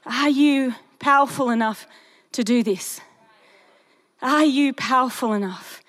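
A young woman preaching a sermon in a chatty storytelling way with animated asides. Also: high voice, unhurried.

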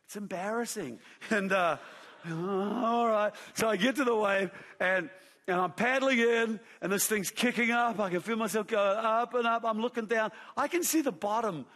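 A man's voice: high-pitched, moderate pace. Aussie pastor guy, middle-aged, preaching w lots of story, voice rings around a big hall. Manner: animated storyteller, acts out shouts and quotes. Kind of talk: sermon with storytelling. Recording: long hall reverb.

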